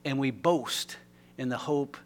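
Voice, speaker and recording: A male pastor preaching a sermon in a church, telling a story animatedly, swinging from loud to hushed. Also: medium pitch, slow pace. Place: church sanctuary.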